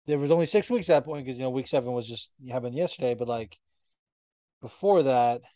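A man co-hosting a podcast, chatting casually and swearing often as he tells animated stories. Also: medium pitch, fairly quick, no echo. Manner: swears often, animated storytelling with quoted asides. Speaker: podcast co-host. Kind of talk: casual chat.

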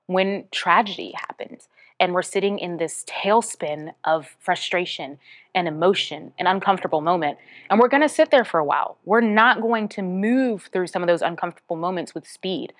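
A woman hosting a motivational podcast, speaking earnestly and encouragingly, with bursts of bubbly excitement. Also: lowish voice, normal speed. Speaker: podcast host and author. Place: Smyrna, Georgia area.

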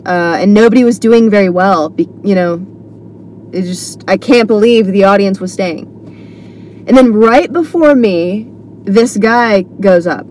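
A woman's voice: mid-range voice, darkish tone, a little hiss or hum. A woman comedian talking solo on her podcast, telling a rambling story full of fillers and restarts. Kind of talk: casual solo monologue.

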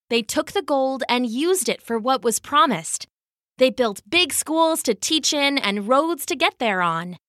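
A woman narrating a children's story as a podcast host, with expressive, animated delivery. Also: high voice, dry recording, studio quality.

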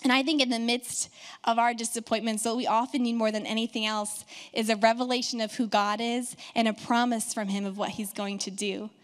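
A woman pastor preaching a sermon, telling a story and building to fervent, emphatic proclamation. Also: on the high side.

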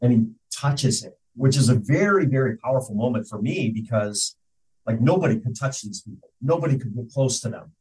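A man's voice: mid-range voice, animated, fairly quick, darkish tone, far from the mic, rough recording. A man hosting a casual podcast, earnestly retelling scenes and affirming others. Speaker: podcast host. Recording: voice a bit off mic.

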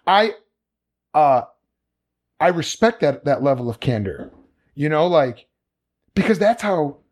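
A man's voice: on the high side, sing-song, slow pace. A man co-hosting a casual podcast chat, speaking earnestly and reflectively. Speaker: podcast co-host.

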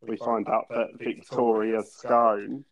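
Low-voiced male co-host, teasing and chatty, recording on a phone from home. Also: measured pace, highs cut off. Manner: chatty, teasing, laughs often. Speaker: podcast co-host. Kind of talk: casual chat recapping a TV show.

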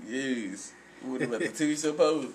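A man in casual chat, animated and laughing, trading movie lines with a friend. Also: mid-range voice, moderate pace, a little hiss or hum.

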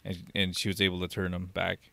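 A man, chatting casually and trailing off in loose, halting phrases. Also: deep voice, completely flat delivery, vocal fry, bright, forceful tone, no room sound. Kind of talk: casual chat about TV shows.

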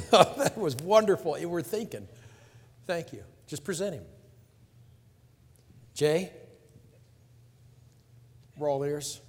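A man's voice: on the high side, animated, slow pace, pauses often, darkish tone, slightly rough, long reverb tail. A man hosting, bantering jokingly and introducing the next speaker. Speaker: host.

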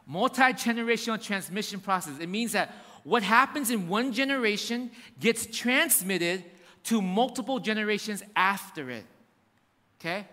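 A man's voice: sits high, unhurried, sharp tone, big-room sound. A man preaching a sermon as pastor, emphatic and repetitive, addressing his church directly.

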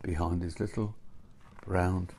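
A man gently reading a storybook aloud in an unhurried way. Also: sits low, fairly even intonation, a little hiss or hum. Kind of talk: storybook narration.

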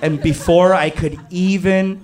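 Guy telling a funny embarrassing story, kinda high voice, takes his time. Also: a little slow, a crowd in the background. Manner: animated, self-mocking, jumps up high for exclaims. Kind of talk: comic true story told to an audience.

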